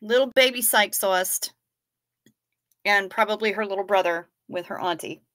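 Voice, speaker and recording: A woman hosting a livestream gushes over the photos and comments her viewers send, staying playful and laid-back in casual chat. She has a Midwestern American accent and a medium-pitched, fairly bright voice at normal speed.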